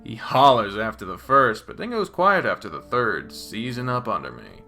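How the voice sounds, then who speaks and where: Bright, lively-voiced man reading a game. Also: mid-range voice, moderate pace, faint music behind. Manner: expressive, swearing, swings between hushed and loud. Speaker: reader voicing a visual novel. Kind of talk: first-person dramatic game reading.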